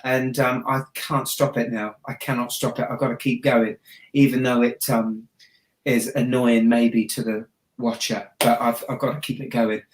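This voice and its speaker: A man from Southampton with a Hampshire accent, a watch YouTuber chatting casually as a guest, joking and laughing, often trailing off quietly. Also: mid-range voice, little pitch movement, moderate pace. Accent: Hampshire English. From Southampton, England. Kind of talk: casual interview chat. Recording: echoey room.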